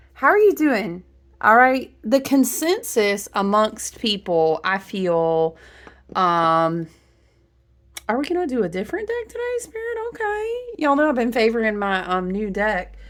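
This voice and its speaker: A woman's voice: medium pitch, fairly bright tone. A woman, chatting playfully with viewers as a tarot reader, laughing often. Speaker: tarot reader and astrology vlogger. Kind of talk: casual chatty livestream talk.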